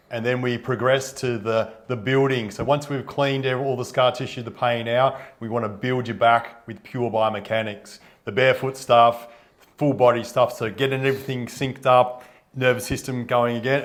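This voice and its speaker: A man co-hosting a casual chat, relaxed and trailing off at the ends of his phrases. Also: mid-range voice. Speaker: co-host, bodywork therapist.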